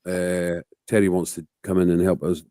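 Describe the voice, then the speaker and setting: A man's voice: sits low, flat delivery, normal speed, mellow, dry recording. A man co-hosting a late-night chat, laid-back and sweary. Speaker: co-host.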